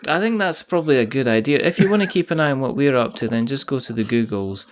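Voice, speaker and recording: A man's voice: mid-range voice, animated, fast. A Scottish man hosting a casual podcast chat, jokey, rambling and self-mocking. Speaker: podcast host.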